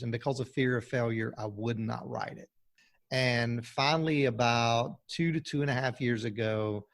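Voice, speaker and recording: A man's voice: medium pitch, gravelly. A man speaking as a pastor guest on a podcast interview, emphatic and preacherly, with frequent restarts.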